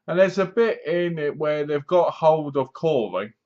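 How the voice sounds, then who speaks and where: A man's voice: on the high side, animated, a little slow, a little mellow. A man casually reviewing a horror film, retelling it in a rambling, chatty way with asides. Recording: dull lo-fi recording.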